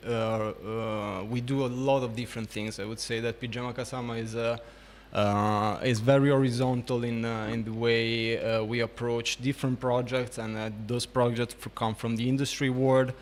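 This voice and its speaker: A man who co-founded a game studio, answering interview questions in a thoughtful, halting way. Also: medium pitch, little pitch movement. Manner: thoughtful, halting, frequent restarts. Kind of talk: casual interview.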